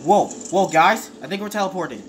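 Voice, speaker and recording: Excitable woman yelling over a game. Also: on the low side, normal speed, noisy background. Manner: excitable, shouting and pleading at the screen. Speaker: gamer. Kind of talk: live gameplay commentary.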